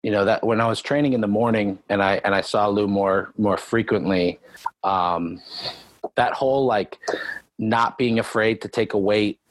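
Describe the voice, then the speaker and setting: A man, a powerlifter, telling animated stories about training in casual podcast chat, with lots of swearing. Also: lowish voice, moderate pace, no room sound. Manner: animated storyteller, heavy swearing, acts out his own shouting.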